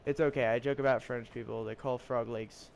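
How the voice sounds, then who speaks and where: A man's voice: medium pitch, fairly even intonation, a little fast, creaky, a little mellow, slight background noise. A young man chatting casually while playing a game, reading riddles aloud and joking with mock French phrases. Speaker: gameplay streamer. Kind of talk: casual gameplay commentary.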